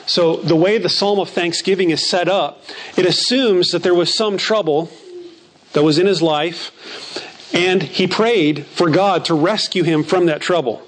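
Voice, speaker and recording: A man's voice: high-pitched, measured pace. A man preaching a sermon who reads scripture verses aloud and repeats phrases for emphasis.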